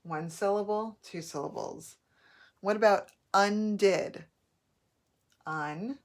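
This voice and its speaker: Lady teacher doing phonics, slow and patient, kinda low voice, stretches words out. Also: expressive. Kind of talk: phonics lesson.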